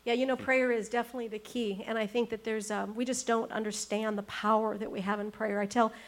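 A woman hosts a faith conversation with a flat, even delivery. She affirms her guest and moves things along with questions. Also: on the high side, brisk. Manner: warmly affirming, says amen. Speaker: host. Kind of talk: casual chat.

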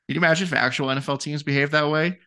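A man's voice: a little high, steady tone, rapid-fire, pushed and bright, smooth. A man co-hosting a casual sports podcast, wry and teasing. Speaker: podcast co-host.

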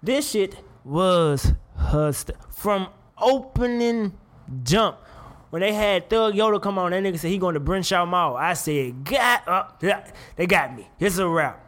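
A young man hosts his own show and talks in a loose, casual way, swearing and laughing often. His voice sits a little high and swings up and down a lot. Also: a little slow. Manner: animated, profane, laughs often. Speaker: podcast host. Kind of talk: casual commentary.

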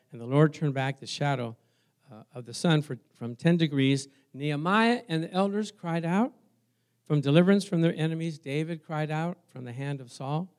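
A man with a somewhat high voice preaches to his congregation in a relaxed, conversational way. He asks for amens and moves between quiet asides and sudden loud cries. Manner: swings from soft asides to loud exclamations. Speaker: pastor. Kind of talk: sermon.

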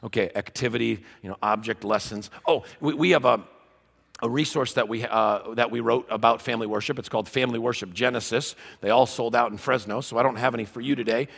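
A man giving a humorous teaching talk to a live audience, an animated and self-mocking storyteller. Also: medium pitch, fast, creaky, husky. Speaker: conference speaker. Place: large conference hall. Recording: long hall reverb.

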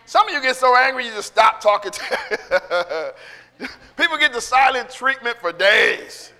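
Give me a high, bright-voiced male pastor preaching. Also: big pitch swings, unhurried, in a large hall. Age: middle-aged. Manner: conversational preaching with acted-out quotes and laughter. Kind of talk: sermon.

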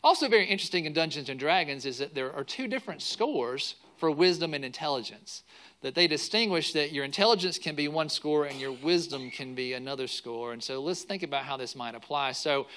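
Pastor, male, middle-aged, bright tone, lively sermon storytelling. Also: a little high, fairly quick. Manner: animated storyteller acting out quotes.

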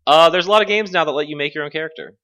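A man's voice: fairly high pitch, racing, a crowd in the background. A man hosting a casual gaming podcast, asking questions and laughing often. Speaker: podcast host.

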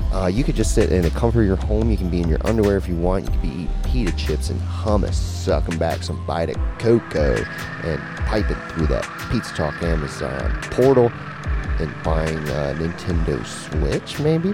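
Male podcast host, very deep voice, loose and profane, music under. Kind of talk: casual podcast chat.

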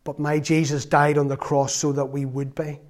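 Male lay preacher, fairly high voice, earnest storyteller who breaks into loud exclamations. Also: level tone, moderate pace. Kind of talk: sermon.

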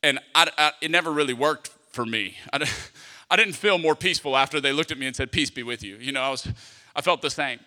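A man's voice: a little high, a little fast, pushed and bright. A man, preaching a sermon as pastor with emphatic repeated phrases and rhetorical questions. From South Louisiana, US. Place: church sanctuary. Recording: long hall reverb from a church sanctuary.

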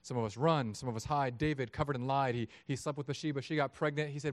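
Pastor in his thirties delivering a sermon, mid-pitched and animated, dry close-miked sound. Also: racing, few pauses, no echo. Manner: animated, acts out voices of God and people.

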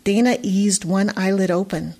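Expressive woman reading a children's book. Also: medium pitch, moderate pace. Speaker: narrator. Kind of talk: audiobook narration.

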